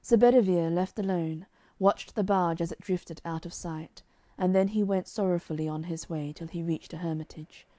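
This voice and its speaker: A woman narrating a children's storybook in a calm, measured reading on a close mic. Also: fairly low pitch, no room sound. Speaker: audiobook narrator.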